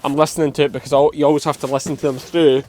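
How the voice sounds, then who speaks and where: A man's voice: on the high side, level tone, rapid-fire, darkish tone, a little hiss or hum. A young man with a Scottish accent, a sheep farmer hosting a casual farm vlog outdoors and talking bluntly to the camera. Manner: blunt, swears casually, uses local dialect words. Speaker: sheep farmer and channel host.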